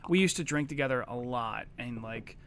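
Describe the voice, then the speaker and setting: A man's voice: medium pitch, expressive, moderate pace, a bit bright, a little hiss or hum. A man, co-hosting a podcast, telling wild stories in a rambling, profane, laughing way. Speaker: podcast co-host. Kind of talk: casual storytelling chat.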